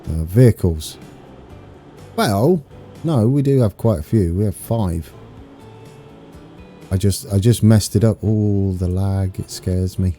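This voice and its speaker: Brief: British male streamer, lowish voice, very dark and mellow, eager and chatty over faint music. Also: takes it slowly, long pauses. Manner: excitable, chatty, talks to viewers. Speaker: game streamer. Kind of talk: live gameplay commentary.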